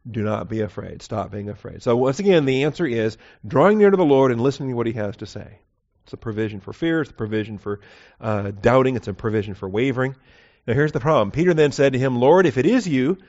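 A man teaching verse by verse through a Bible passage, conversational and digressive, correcting himself as he goes. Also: medium pitch. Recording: dull lo-fi recording.

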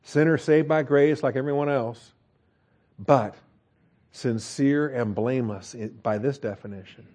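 A man's voice: mid-range voice, unhurried, darkish tone. A man teaching a verse-by-verse Bible study in a casual, conversational way, with frequent fillers, restarts and "okay?" checks. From United States.

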